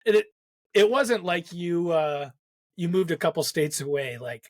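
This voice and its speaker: A man's voice: on the high side, expressive, unhurried, dry recording. A young adult man hosting a casual interview, laughing often as he reminisces with an old mentor. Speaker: podcast host.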